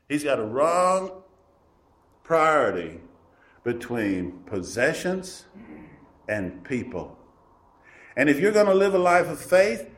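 Folksy preacher man in a roomy space. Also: medium pitch. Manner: folksy, emphatic, swings from loud to hushed. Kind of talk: sermon. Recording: roomy echo.

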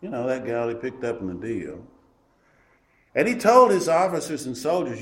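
A man preaching a sermon, his voice sitting at an ordinary middle pitch. He talks in a homespun, emphatic manner and drops from loud declarations to near-hushed asides. The recording carries a roomy echo. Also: lively intonation, normal speed.

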